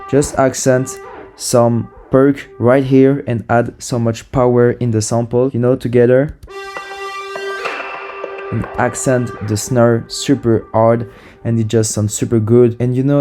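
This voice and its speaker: A man's voice: mid-range voice, dark tone. A man casually walking through how he built a music sample, upbeat and full of "super" and "you know". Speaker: music producer. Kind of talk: casual tutorial walkthrough.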